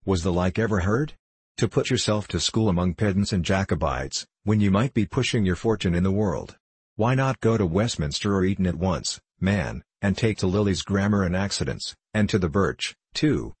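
A man's voice: deep voice, animated, normal speed, husky, no room sound. A man reading a stern old merchant father. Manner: curt and commanding. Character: stern, proud older male merchant father.

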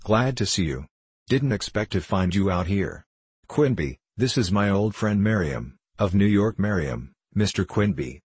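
A man voicing a burly, arrogant middle-aged businessman who talks in a hearty, gruff way. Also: on the low side, animated, a little slow, darkish tone, no echo. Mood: bluff hearty.

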